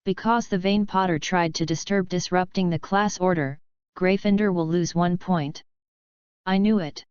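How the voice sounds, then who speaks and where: A woman narrating a fan fiction audiobook in a steady, even read. Her voice is a little low and very clear. The recording is dry and dull, close to lo-fi. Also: moderate pace, no room sound. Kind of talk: fanfiction audiobook reading.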